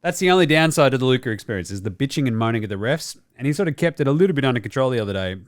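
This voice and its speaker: A man's voice: mid-range voice, expressive, very fast, dry recording, clean studio sound. A man with an Australian accent hosting a casual basketball show, ranting with a lot of swearing. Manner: profane, ranting. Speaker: host.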